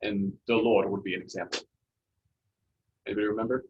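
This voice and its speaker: A male teacher talks his class through Spanish pronunciation, pausing often with ums and uhs. The recording is dull and lo-fi, with a faint hiss. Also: fairly low pitch. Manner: relaxed, halting explanations with many fillers. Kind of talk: classroom lesson.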